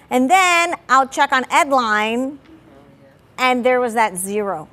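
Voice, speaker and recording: Woman, family therapist, candid parenting talk, slightly high voice, animated, many fillers. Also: a little slow. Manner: animated, fillers of "like", dramatizes her own anger.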